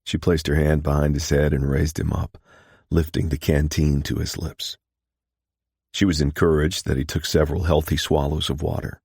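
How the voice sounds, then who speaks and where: Man, audiobook narrator, steady storytelling, husky, dry close recording. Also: very deep voice, normal speed, dry recording.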